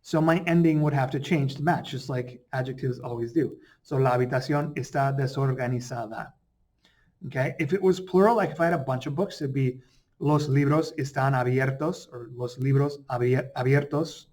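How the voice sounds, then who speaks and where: A man teaching a Spanish grammar lesson in a relaxed, chatty way, slowing down to pronounce example words. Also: mid-range voice. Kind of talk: casual explanatory lesson.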